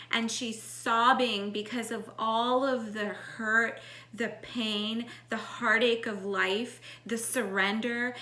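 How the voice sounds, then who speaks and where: Bright-voiced woman in her forties, echoey. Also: fairly high pitch. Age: 40s. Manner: earnest, animated, many "like" fillers. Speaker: spiritual vlogger. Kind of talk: casual storytelling.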